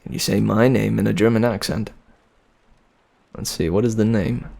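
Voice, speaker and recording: A man's voice: fairly low pitch, little pitch movement, moderate pace, vocal fry, pauses often, darkish tone. A man streaming a novel reading who chats easygoingly with his viewers, laughing often and repeating words as he talks. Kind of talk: casual chat with live chat.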